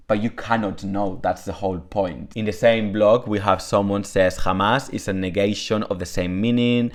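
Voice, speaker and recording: This Spanish teacher, a native Spanish speaker with a deep voice, explains things in a relaxed lesson. He chats freely, leans on lots of fillers, and moves back and forth between English and Spanish.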